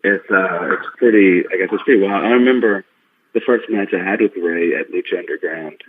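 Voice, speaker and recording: A low-voiced man chatting as a podcast guest, his story spilling out in a rambling, excitable stream full of fillers. His voice comes through thin and tinny, as if over a phone line, and it sounds a little husky. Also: a little fast. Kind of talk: casual interview chat.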